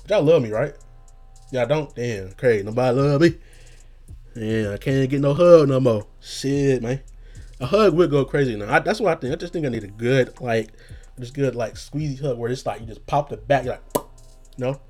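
A man hosting a casual solo podcast rant, rambling and profane, in a self-described monotone, with faint music behind him. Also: medium pitch, moderate pace. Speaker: podcast host.

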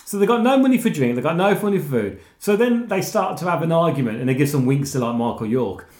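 A man's voice: a little high, fast, reverberant. A man chatting casually about a film and acting out its scenes. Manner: animated, acts out scenes with laughing.

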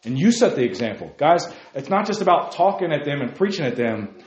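A man preaching a sermon to a youth group, fervent and emphatic, repeating his key phrases and talking fast. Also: a little high, big pitch swings, a little mellow, echoey room, highs cut off. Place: meeting room.

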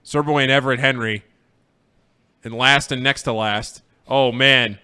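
A man's voice: mid-range voice, fairly even intonation, measured pace, bright, forceful tone, clear, resonant tone. A man hosting a casual sports radio show, calling a race like play-by-play and speaking earnestly when he looks back on his time there. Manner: earnest and sincere when reflecting. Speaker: radio host.

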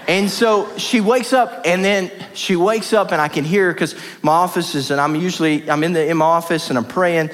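A man's voice: fairly high pitch, normal speed, hardly any pauses. Passionate man preaching in an echoing hall. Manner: passionate and emphatic, heavy repetition. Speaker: pastor. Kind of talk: sermon. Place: church hall. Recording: reverberant church hall.

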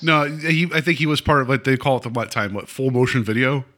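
A man's voice: medium pitch, quick pace, a bit bright. A man in his mid forties, a podcast co-host rambling in casual chat with lots of fillers and self-deprecating jokes. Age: 40s.

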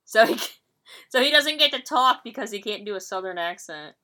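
A woman with a bright, forceful voice chats loosely on a podcast, laughing often and cursing freely. Her talk is blunt and unscripted. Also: a little high, lively intonation, moderate pace. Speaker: podcast co-host. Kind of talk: casual chat recapping wrestling.

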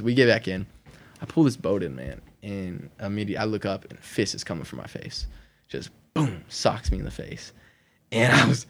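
A young man telling his personal testimony in casual conversation, animated, laughing often and acting out what people said. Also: on the low side. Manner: animated, acts out quoted voices, laughs often.

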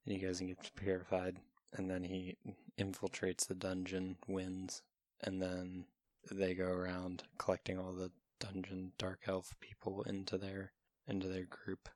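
A man's voice: deep voice, completely flat delivery, measured pace, a little mellow, no echo. A man in casual chat, eagerly cutting in to explain game lore. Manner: eager, interjecting with lore details. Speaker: podcast co-host.

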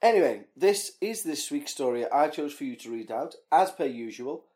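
A man's voice: on the high side, lively intonation, moderate pace, mellow. A man co-hosting a podcast, chatting casually and joking through ranting tangents. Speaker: podcast co-host. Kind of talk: casual chat.

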